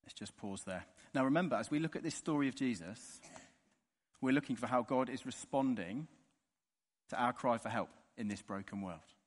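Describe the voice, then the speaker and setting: A man preaching a sermon in an earnest way, dropping soft and slow on the key words. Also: mid-range voice. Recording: long reverb of a large hall.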